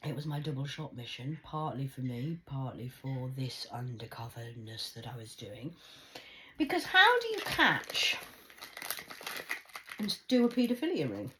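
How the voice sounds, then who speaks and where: A woman speaking intensely and emphatically to her viewers, swinging between loud outbursts and hushed asides. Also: a bass voice, expressive, normal speed, hardly any pauses, low-quality recording. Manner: confiding, addresses viewers directly. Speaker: vlogger. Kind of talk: emotional personal monologue to camera.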